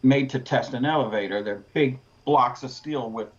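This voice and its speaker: A man's voice: mid-range voice, moderate pace, dull audio. A middle-aged man, a window cleaner and podcast guest, telling work stories in a laid-back casual chat. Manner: laid-back, conversational storytelling.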